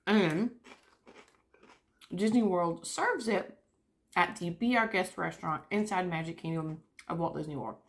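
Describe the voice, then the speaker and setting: A woman's voice: on the low side, a little slow, pauses often. A young woman chatting casually to camera while eating lunch. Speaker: vlogger. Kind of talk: casual chat.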